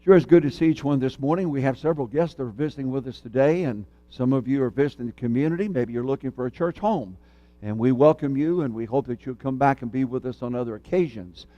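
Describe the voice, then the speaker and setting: A man preaching a sermon in church, telling a folksy story and then speaking in a measured, earnest way. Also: mid-range voice, dry recording, muffled recording. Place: church sanctuary.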